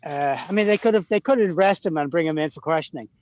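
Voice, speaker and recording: A man's voice: a little high, fast, darkish tone, dry recording, muffled recording. A man with an Irish accent chatting casually on a video call while out walking his dog. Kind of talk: casual chat.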